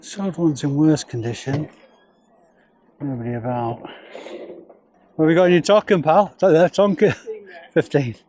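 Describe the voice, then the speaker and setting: A man's voice: fairly high pitch, moderate pace, long pauses, a little mellow. A man with a Northern English accent, chatting and joking with sellers as he vlogs his way round an outdoor car boot sale. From North West England. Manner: chatty, jokey, bantering with sellers. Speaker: reseller vlogger. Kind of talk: casual vlog chat.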